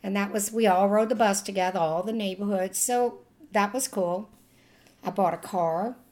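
A woman's voice: fairly low pitch, darkish tone. Older Louisiana woman with a Cajun accent, chatty interviewee who laughs often. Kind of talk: oral history reminiscing.

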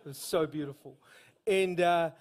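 Kiwi guy preaching in church, pretty high voice, lively and slangy, big on stories. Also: moderate pace. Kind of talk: sermon storytelling. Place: church service.

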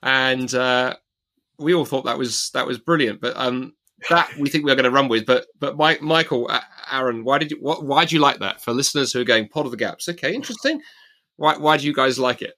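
Bright-voiced man hosting a podcast. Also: medium pitch, fairly quick. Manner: hesitant, many fillers and restarts. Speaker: podcast host. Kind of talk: casual podcast chat.

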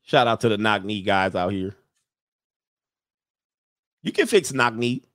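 Loud joking man on a livestream. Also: fairly low pitch, expressive, measured pace, dry recording, clean studio sound. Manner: loud, blunt, joking, laughs often. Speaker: livestream host. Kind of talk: casual livestream commentary.

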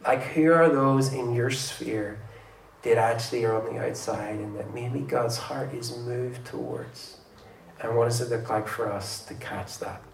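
A man's voice: mid-range voice, unhurried, a little hiss or hum. Man preaching in a roomy hall. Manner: conversational, animated when retelling stories. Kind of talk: sermon. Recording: roomy, distant mic with faint ambience.

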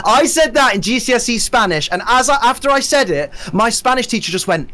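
A man's voice: very high-pitched, sing-song, a little fast, hardly any pauses, sharp tone. A young man, a podcast guest telling rambling school stories in casual chat. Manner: rambling, self-correcting storyteller.

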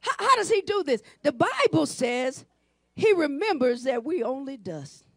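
A woman pastor preaching a sermon, swinging between hushed asides and shouted lines. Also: high voice, very animated, measured pace, dry recording. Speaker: senior pastor.

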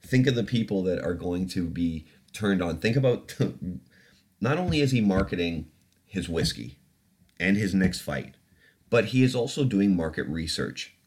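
A man with a deep, low-pitched voice talks loosely on his podcast. He laughs often between his sentences and swears casually as he chats. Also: lively intonation, moderate pace, a little mellow. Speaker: podcast host.

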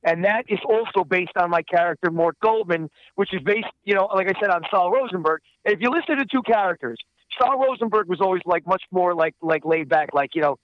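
A man's voice: sits high, a little fast, dry recording, highs cut off. A man who voices characters, talking in a casual interview and rambling with many fillers. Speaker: voice actor guest.

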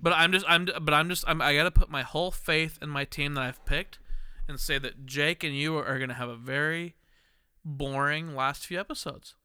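A man's voice: on the high side, steady tone, normal speed, bright, forceful tone, clean tone. A tipsy, tired man hosting a late-night podcast, rambling and emphatic, laughing and cursing. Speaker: podcast host. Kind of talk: casual drunk podcast chat.

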